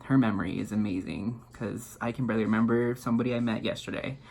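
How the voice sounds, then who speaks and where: A young man telling a story to his viewers in an excited, rambling way, full of fillers and restarts. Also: on the low side, fast talker, creaky, a little hiss or hum. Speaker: vlogger. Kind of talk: casual storytelling to camera.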